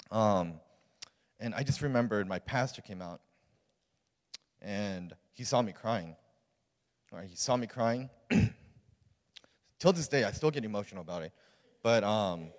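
Young male youth pastor, low-pitched, informal testimony with lots of "like" and "um", long hall reverb. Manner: casual, earnest storytelling with many fillers. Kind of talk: personal testimony in a sermon.

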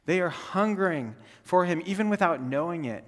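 A young adult man preaching in an earnest, conversational way, his voice sitting a little high for a man. He keeps checking in with his listeners and restarts phrases as he goes. A long reverb from the church hall trails behind his words. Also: animated, moderate pace. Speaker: guest speaker, campus ministry team leader. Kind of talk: sermon. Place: church sanctuary.

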